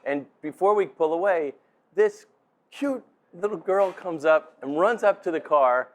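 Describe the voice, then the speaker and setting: A man's voice: a little high, measured pace. A middle-aged man, father of the groom, telling a rambling, laughing story in a wedding toast. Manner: chatty storyteller, laughing, many restarts. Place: restaurant dinner.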